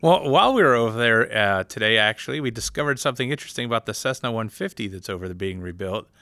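A man's voice: mid-range voice, expressive, fast, sharp tone, no room sound, studio quality. A man hosting a casual interview, asking questions in a friendly, easygoing way. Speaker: interview host.

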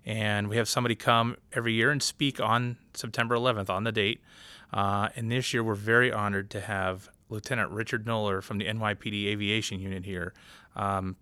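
A man from the US East Coast hosts an interview in an earnest, halting way, with many ums. His voice is bright and smooth, though lowish in pitch. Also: flat delivery, no room sound. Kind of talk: hosting an interview.

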